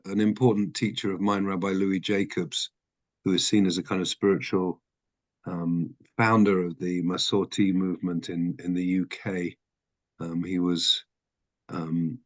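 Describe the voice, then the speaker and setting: A rabbi leads an adult study class in a very low, deep voice. He talks thoughtfully and stops often to hunt for words, with frequent ums and false starts. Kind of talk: classroom teaching.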